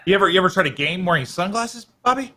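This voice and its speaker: A man's voice: high-pitched, expressive, very fast, sharp tone. A man co-casting a live esports event, joking and teasing his partner between calls. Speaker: esports co-caster.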